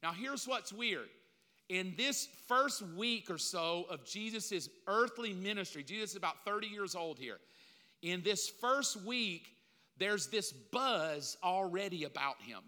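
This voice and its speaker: A man's voice: high-pitched, expressive, measured pace, sharp tone. A man preaching a sermon, emphatic and repetitive, with casual slang mixed in. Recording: long reverb of a large hall.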